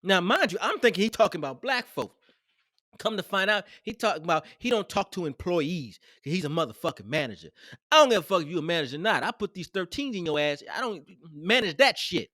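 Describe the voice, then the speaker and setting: A man telling a heated workplace story in a casual, animated and profane way, emphatic and expressive. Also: high voice, fast, no room sound, studio quality.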